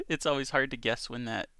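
A man with a gravelly, crisp voice hosts a homemade news show. He reads world headlines in a relaxed, chatty way and stops for asides. The sound is dry and close. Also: mid-range voice, dry recording. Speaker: podcast news host. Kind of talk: casual news reading and commentary. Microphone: home recording setup.

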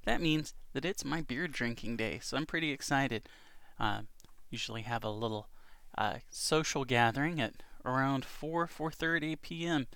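Recording from a home setup, a man hosts a casual news podcast, reading headlines and adding chatty asides with small laughs. His voice is medium-pitched and fairly bright, at a moderate pace, and the sound is clean and dry.

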